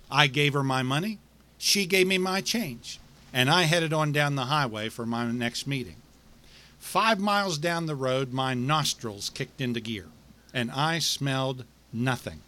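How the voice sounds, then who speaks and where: A middle-aged male pastor delivering a sermon, with rhythmic repetition and dramatic pauses. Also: mid-range voice, pushed and bright.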